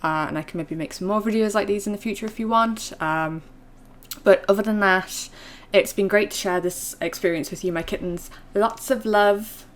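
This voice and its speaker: A woman talks casually to her viewers in a vlog, rambling along with plenty of "um" and "like." Her voice sits at a middle pitch, neither high nor low. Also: fairly quick. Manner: chatty, rambling with fillers. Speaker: vlogger.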